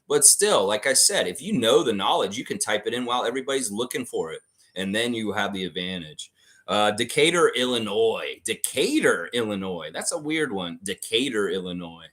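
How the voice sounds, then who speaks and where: A man hosting a live trivia stream in a casual, excitable way, reading out chat names and answers. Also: lowish voice, a little fast. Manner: excitable, breaks into loud whoops and laughs, reads chat names.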